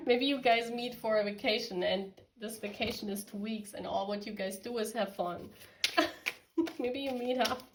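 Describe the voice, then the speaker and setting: A woman's voice: on the high side, noisy background. A woman from Germany giving a casual tarot reading, chatty and giggly, talking straight to her viewers. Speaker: tarot reader.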